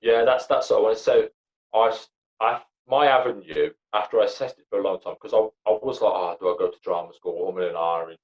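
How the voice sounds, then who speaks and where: Speaking a little fast in a lowish voice, this young man rambles through a casual podcast chat, heavy on fillers and swearing and very blunt. He's a comedy actor and writer there as a guest, and the audio sounds dull and lo-fi.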